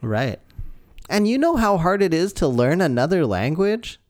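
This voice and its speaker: A man talking in a casual chat on a podcast, animated and often laughing as he makes his points. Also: sits high, moderate pace, no room sound. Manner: animated, laughs often, jumps into a put-on Australian voice.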